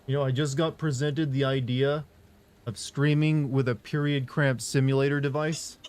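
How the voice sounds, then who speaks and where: A man's voice: mid-range voice, steady tone, normal speed, a little mellow. A young man streaming live, chatting loosely and reading comments aloud, joking around with sore arms. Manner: rambling, jokey, reads chat aloud. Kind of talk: casual live-stream chat.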